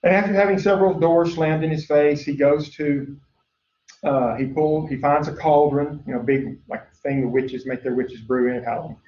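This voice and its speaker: A man's voice: a little high, moderate pace, a little mellow, recorded from a distance. A man teaching a recorded biology lecture in a chatty way, with frequent "uh" fillers, drifting into storytelling. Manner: chatty, lots of "uh" fillers, acts out story voices. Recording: echoey room, dull lo-fi sound, faint hiss.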